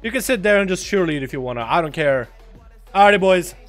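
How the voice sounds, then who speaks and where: High-voiced, swearing male game streamer. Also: quick pace, soft background music. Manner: profane, excitable, swings into loud outbursts. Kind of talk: casual livestream commentary.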